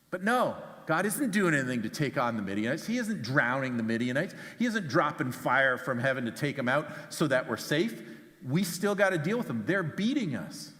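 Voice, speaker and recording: A man's voice: sing-song, normal speed, a bit bright. A man, a pastor, preaching a sermon and retelling a Bible story conversationally, often doubling words as he starts phrases. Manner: storytelling, acts out quotes with big pitch jumps. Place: church sanctuary. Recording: long church hall reverb.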